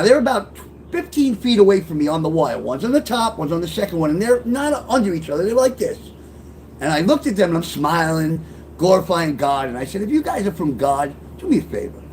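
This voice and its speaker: A middle-aged author tells his life story as a personal testimony, rambling, swearing and breaking into tearful outbursts. His high-sitting voice is very animated and brisk, with slight background noise.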